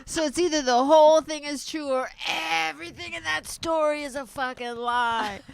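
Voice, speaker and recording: A woman's voice: high-pitched, normal speed, vocal fry, very noisy. A woman hosting a comedy podcast, teasing a guest bluntly and swearing casually. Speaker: podcast host.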